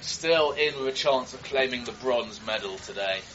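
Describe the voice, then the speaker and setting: A man giving live, joking race commentary that turns into excited shouts at crashes. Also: medium pitch, normal speed, slight background noise. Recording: dull broadcast audio with crowd behind.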